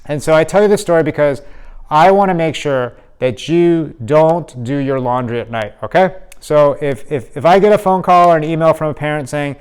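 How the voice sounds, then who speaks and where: A male teacher telling a story to his students, slow and hesitant with many pauses and acted voices. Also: on the high side, darkish tone, clean tone.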